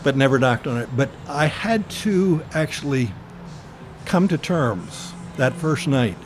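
An older man recalls his past slowly and earnestly, pausing often and filling gaps with small hesitations. His voice sits at an ordinary middle pitch. A faint hiss of noise sits behind it. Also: expressive. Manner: earnest, reflective storytelling with frequent pauses and fillers. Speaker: interviewee. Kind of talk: oral history interview.

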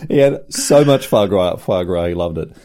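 Male podcast co-host, expressive storyteller, lively swings in pitch. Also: normal speed. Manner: animated storyteller, laughs often, acts out quotes. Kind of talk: casual chat.

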